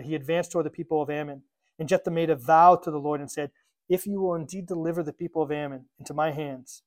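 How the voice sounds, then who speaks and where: A man's voice: a little high, a little mellow. A man preaching a sermon, reading scripture aloud and explaining it, acting out the quotes in a casual modern voice. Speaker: pastor.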